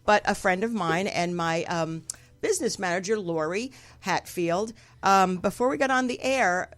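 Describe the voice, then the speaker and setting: A woman hosting a podcast in a casual chat, talking with a slightly gravelly voice, laughing easily and poking fun at herself. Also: mid-range voice, normal speed. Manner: chatty, laughing, self-deprecating. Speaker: podcast host.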